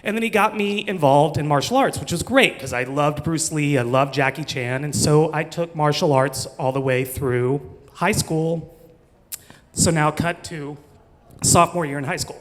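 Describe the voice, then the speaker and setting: A man's voice: fairly high pitch, normal speed. Self-mocking storyteller man in a reverberant hall. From Missouri, USA. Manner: chatty, self-mocking, laughs through his story. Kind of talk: live comedic storytelling.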